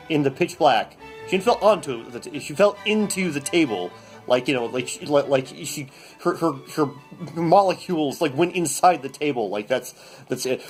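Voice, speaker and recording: Stammering, deadpan man mock-reading a novel. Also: mid-range voice, moderate pace, faint music behind. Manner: rambling, stammering, mock-serious. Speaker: comedy host.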